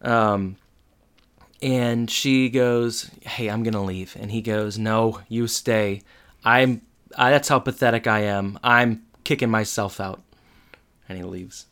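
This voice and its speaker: A mid-pitched speaker recaps a sitcom episode in casual chat. They narrate each scene with quoted dialogue and lots of "like.". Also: fairly even intonation, takes it slowly, a bit bright, clear, resonant tone.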